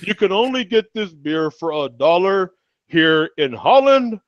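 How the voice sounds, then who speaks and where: A man's voice: high-pitched, very animated, measured pace, no echo, dull audio, voice pushed up. Man putting on a boastful mock-Russian braggart. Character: boastful man bragging about his smoke.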